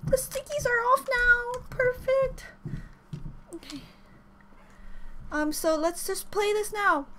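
A woman giving an excited reaction commentary, gushing and squealing with repeated exclamations over faint music. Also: high-pitched, slight background noise. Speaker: reaction video creator.

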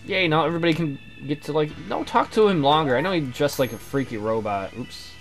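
A man's voice: on the high side, lively intonation, a little fast, soft background music. A man giving casual, joking and crude commentary while playing a game. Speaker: let's play host.

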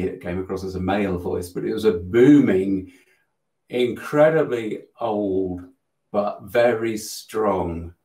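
A man telling a spiritual story in a live Q&A, earnest and animated, often restarting his sentences. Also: fairly low pitch, creaky. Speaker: host of a spiritual channel. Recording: roomy echo.

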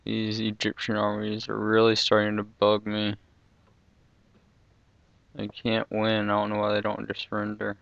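A man's voice: fairly low pitch, monotone, unhurried, gravelly, pauses often, a bit bright, dry recording, muffled recording. A young man giving casual, laid-back commentary while he plays a strategy game. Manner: mumbling, laid-back asides. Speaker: let's play gamer.

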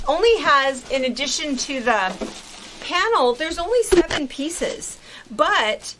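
A woman's voice: sits high, expressive, slow pace. Woman showing fabrics with background hiss. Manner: friendly explaining, gives sewing tips. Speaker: quilt shop co-host. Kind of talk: casual product showcase.

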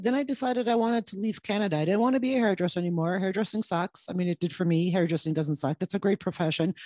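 A woman's voice: medium pitch, darkish tone, no room sound. Woman in her fifties, mindset coach, blunt tough-love ranting, swears freely, dry close sound. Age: 50s. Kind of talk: casual direct-to-camera pep talk.

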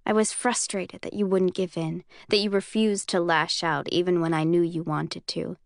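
A woman voicing a self-assured young male commander in an audiobook reading, speaking in a calm, amused drawl. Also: lowish voice, moderate pace, creaky, dry recording, clean studio sound. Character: young man, cool, teasing, self-assured military commander.

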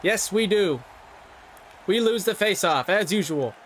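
A young man giving excited, fast play-by-play commentary over his own hockey video game as a gaming YouTuber. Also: sits high, slight background noise. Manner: animated, fast play-by-play with yelps and laughs. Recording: background music under voice.

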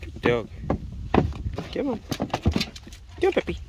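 Man, New Zealand accent, casual vlog chat, fond and easygoing, fairly high voice, faint outdoor noise. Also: normal speed. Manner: easygoing, talks fondly to his dog. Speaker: homesteading vlogger. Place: outdoors on a beach.

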